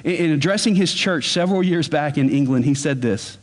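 A man preaching a sermon as pastor, earnest, and he slows down to stress key words. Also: fairly high pitch.

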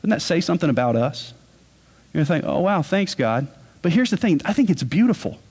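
A man preaching a sermon as pastor, earnest, and he slows down to stress key words. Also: fairly high pitch, sing-song, darkish tone, husky.

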